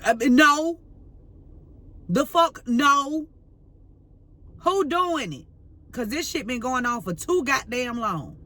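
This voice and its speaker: A woman's voice: high-pitched, sing-song, takes it slowly, long pauses, sharp tone. A woman tarot reader ranting to camera, fiery and profane, full of slang and repeating herself as she vents. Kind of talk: heated unscripted rant to camera.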